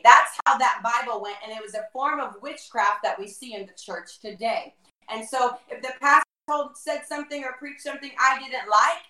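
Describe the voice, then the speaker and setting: A middle-aged woman telling her personal testimony as a guest, animated and acting out the dialogue she quotes. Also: a little high, moderate pace. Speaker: guest, former worship leader. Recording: roomy echo, mic far off.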